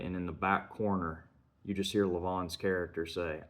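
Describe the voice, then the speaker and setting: A man reviewing a film, retelling its scenes in an earnest, measured way and chaining sentences with "and". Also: deep voice, steady tone.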